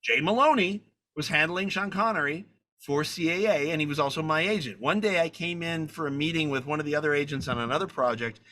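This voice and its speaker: A man in his sixties, a film director as a guest, telling lively anecdotes, acting out quotes and swearing casually. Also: fairly high pitch, brisk. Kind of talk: animated anecdote storytelling.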